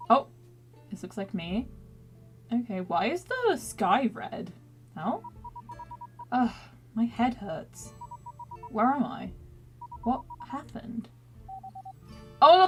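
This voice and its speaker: A woman's voice: on the high side, a bit bright. A young woman streamer chatting casually while playing a story game, giggling often and teasing herself as she reads game text aloud. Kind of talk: casual gaming commentary.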